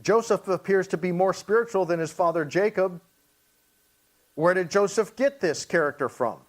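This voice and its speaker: A man, a pastor, teaching a Bible study, reading scripture slowly and explaining it in plain, everyday talk. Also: high voice. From Hawaii.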